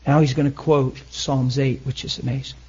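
A man preaching a sermon, emotional, swinging between loud and hushed. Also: mid-range voice, level tone, normal speed, breathy edge, lo-fi sound.

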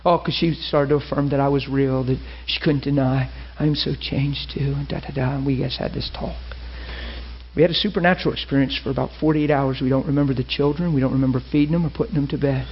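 A man's voice: fast talker, a little hiss or hum. A man preaching a sermon, telling a personal story with emotion and rising intensity. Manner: emotional, dramatic, voice rising high when excited. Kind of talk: sermon with acted-out quotes. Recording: dull lo-fi recording.

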